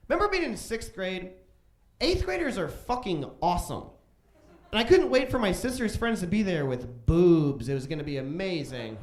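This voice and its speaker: A man in his thirties from Chicago doing stand-up comedy on a club stage, telling profane stories and jumping into loud voices for quotes. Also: high voice. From Chicago, USA. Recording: roomy club stage echo.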